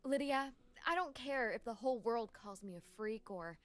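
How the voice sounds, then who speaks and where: A woman voicing an earnest young woman in a game, gently persuading a friend and reciting scripture. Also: on the high side, expressive, normal speed, lightly acted. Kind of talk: video game voice acting.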